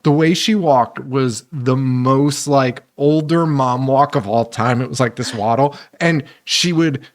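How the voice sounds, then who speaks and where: Guy cohosting a horror movie podcast, swears a lot, laughs a lot, mid pitch. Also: unhurried. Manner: animated, swears freely, laughs often. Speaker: podcast co-host. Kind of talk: casual movie chat.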